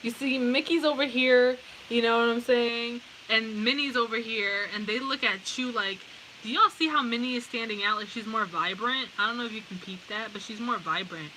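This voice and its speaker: A woman's voice: on the high side, normal speed, poor audio. Blunt, laughing woman tarot reader. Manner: blunt, profane, laughs often. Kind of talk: casual pick-a-card tarot reading. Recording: steady background hiss.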